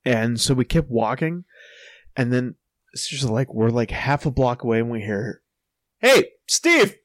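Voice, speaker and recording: A young man casually telling a profane anecdote, breaking into loud quoted calls and laughing as he goes. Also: mid-range voice, normal speed, dry recording. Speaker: storyteller. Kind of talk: casual podcast storytelling.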